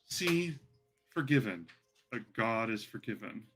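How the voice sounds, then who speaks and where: A man voicing a vain, self-absorbed male god who talks in a low, flat, dismissive way. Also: a little slow, soft background music. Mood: smug.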